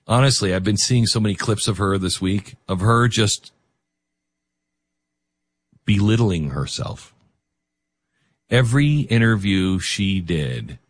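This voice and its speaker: A man's voice: on the low side, husky. A man hosting a talk radio show, speaking in an emotional, emphatic way.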